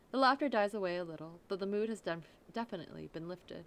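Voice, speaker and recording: A woman's voice: fairly low pitch, expressive, a little fast, creaky, few pauses, fairly bright tone. A woman reading a visual novel aloud. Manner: reads along, breaks off to laugh and comment. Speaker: let's play narrator.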